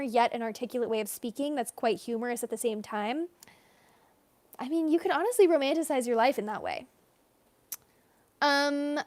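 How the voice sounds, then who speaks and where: A woman's voice: sits high, dry recording. A young woman chatting casually with viewers as she draws on a livestream, rambling and reading comments aloud. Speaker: artist livestreaming a drawing session. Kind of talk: casual live-stream chat while drawing.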